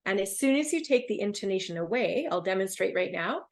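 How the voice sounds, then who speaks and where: Lively woman instructor with a creaky edge. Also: mid-range voice, fast, hardly any pauses. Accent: Canadian. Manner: lively, rising and falling intonation. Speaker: English test instructor. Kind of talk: webinar teaching.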